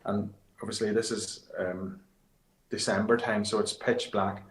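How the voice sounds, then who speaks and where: A man's voice: fairly low pitch, measured pace. Man telling rally stories in an echoey room. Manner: lively anecdotes, rambling with restarts. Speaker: guest, rally competitor. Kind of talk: casual interview storytelling.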